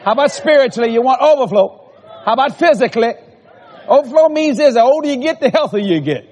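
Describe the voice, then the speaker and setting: A man's voice: very high-pitched, lively intonation, fast talker, darkish tone, some chatter behind. A male preacher giving a sermon, stacking repeated phrases and calling out questions to the congregation. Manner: repetitive building cadence, calls out to the congregation. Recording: long hall reverb.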